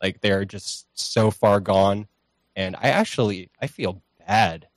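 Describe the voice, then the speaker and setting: Rambling, profane man with a low voice. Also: takes it slowly, no echo. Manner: rambling, profane, self-deprecating. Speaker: podcast guest. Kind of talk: casual chat. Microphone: streaming mic at home.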